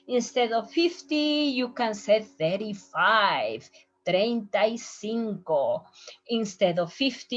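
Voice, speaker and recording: A woman teaching a medical Spanish lesson from slides, going over each phrase slowly and saying it in both languages. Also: on the high side, lively intonation. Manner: slow, explains and repeats phrases in both languages. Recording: muffled lo-fi recording.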